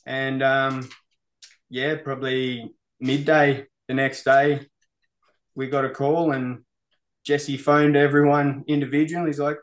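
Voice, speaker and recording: A metal musician with an Australian accent speaks unhurriedly in a mid-range voice with flat delivery. Interviewed casually as a guest, he's relaxed, cursing often and saying "mate" a lot.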